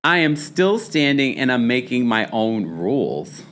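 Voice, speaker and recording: A man's voice: medium pitch, unhurried, hardly any pauses. A man hosting a reality TV recap stream, chatty and laughing, reading chat comments and acting out taglines. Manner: animated, laughing, reads chat comments aloud; puts on a dramatic voice to read taglines. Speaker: host.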